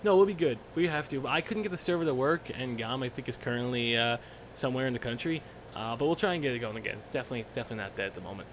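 A man's voice: medium pitch, expressive, rapid-fire, a little hiss or hum. A man co-hosting a gaming podcast, wry and trailing off into fillers. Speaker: podcast co-host. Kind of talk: casual gaming podcast chat.

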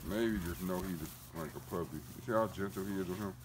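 A man's voice: deep voice, fairly quick. A man vlogging casually about his dogs and thanking his viewers, in loose, profane street talk. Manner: talks to his dogs between remarks to viewers. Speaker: dog breeder vlogger. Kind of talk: casual vlog chat. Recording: noisy home recording with dogs around.

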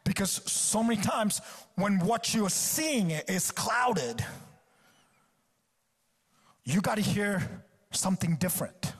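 A man's voice: high-pitched, very animated, takes it slowly, long pauses, breathy edge. A male guest preacher delivering a sermon at a church service, exhorting with emphatic repetition.

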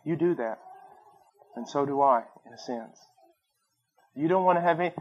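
A man preaching a sermon, telling stories with acted-out voices and swinging between loud bursts and quiet asides. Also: fairly high pitch, moderate pace, pauses often, breathy edge. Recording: dull lo-fi sermon recording.

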